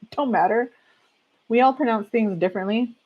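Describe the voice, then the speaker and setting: A Californian livestream host runs a casual chat stream, reading aloud, reacting with strong opinions, laughing often and speaking straight to her viewers. Her voice is on the high side and brisk, and the audio sounds dull.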